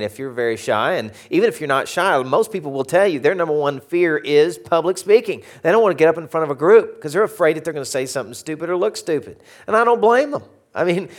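A man with an Arkansas Southern accent telling a humorous story to an audience, animated and jokey, swinging from loud to hushed. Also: on the high side. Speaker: speaker.

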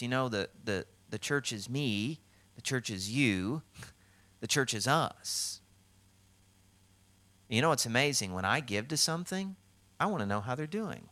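A middle-aged man preaching a sermon as pastor, telling stories and acting out quotes with lively swings in voice. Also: mid-range voice. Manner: storytelling with animated acted-out quotes.

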